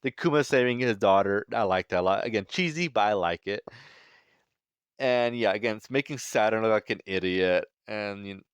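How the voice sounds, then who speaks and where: A man's voice: lowish voice, moderate pace, clean tone, no room sound. A man giving a casual spoken review of a manga chapter, sarcastic and critical, with lots of filler phrases.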